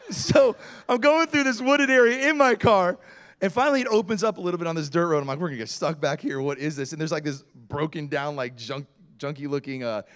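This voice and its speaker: A man's voice: on the high side, clear, resonant tone. A middle-aged male pastor telling a story in a sermon, acting out the voices of the people in it with big swings of energy. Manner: animated storyteller acting out quotes.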